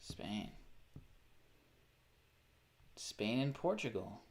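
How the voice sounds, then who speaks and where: A man's voice: lowish voice, big pitch swings, very slow. A young man chatting casually on a live stream, rambling, sarcastic and swearing freely. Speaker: livestreamer.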